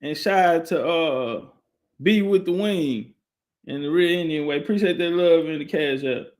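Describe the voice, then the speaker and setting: A man hosting a live stream, talking loosely and shouting out viewers. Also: fairly high pitch, normal speed. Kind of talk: casual live-stream talk.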